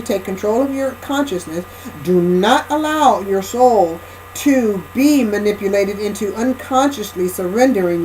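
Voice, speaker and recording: A woman's voice: medium pitch, darkish tone, a little hiss or hum, poor audio. Emphatic woman giving a rambling spiritual lecture. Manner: emphatic, repeats phrases and restarts often, checks in with "right?" and "okay?". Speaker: spiritual speaker.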